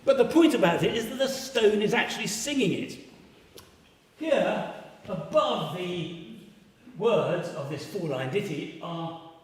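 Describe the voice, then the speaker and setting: A man giving a live public lecture on classics, animated, now and then singing short pitch examples to make a point. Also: unhurried, recorded from a distance. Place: large hall at a live evening event. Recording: echoey hall, voice picked up from afar.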